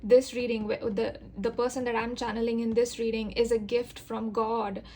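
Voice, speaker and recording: Soft, earnest woman reading tarot. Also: fairly high pitch, level tone, normal speed. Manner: gentle, earnest and reassuring, with many fillers. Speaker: tarot reader. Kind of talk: intuitive tarot reading to camera.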